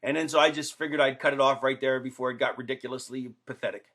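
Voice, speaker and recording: Talking fast with a steady, mid-range, slightly bright voice, a middle-aged wrestler jokes around in a casual vlog for his fans. He rambles, packing in fillers and asides, with the camera facing him.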